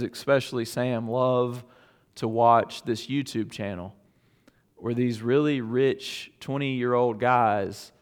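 Animated preacher in a reverberant hall. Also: male voice, mid-range voice. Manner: animated, swinging from loud emphasis to hushed near-whisper; conversational and storytelling, with restarts. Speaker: pastor. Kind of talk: sermon.

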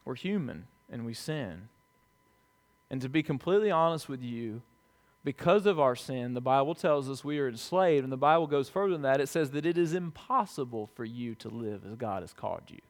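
A man pastor delivering a sermon in a conversational way, asking the congregation questions and moving between hushed, quiet asides and emphatic, louder swells. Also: mid-range voice, lively intonation, normal speed. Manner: conversational preaching with rhetorical questions.

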